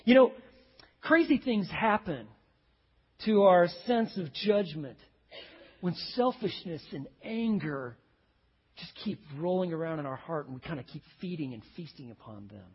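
A man's voice: high-pitched, a little slow, husky, big-room sound, highs cut off. A man preaching a sermon, telling stories and acting out the voices of the people in them. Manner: animated storytelling, acts out quoted voices. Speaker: pastor.

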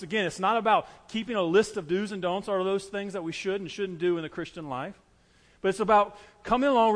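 High-voiced preaching man in a reverberant hall. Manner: earnest preaching with repeated phrases and illustrations. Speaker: pastor. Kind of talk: sermon.

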